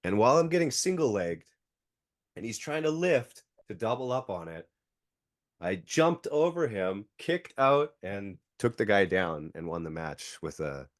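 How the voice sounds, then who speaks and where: A man's voice: on the low side, expressive, unhurried, dry recording, studio quality. A man in his thirties, a jiu-jitsu coach and podcast guest, telling a story casually with lots of "like" fillers. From Canada. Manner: filler-heavy, acts out quotes.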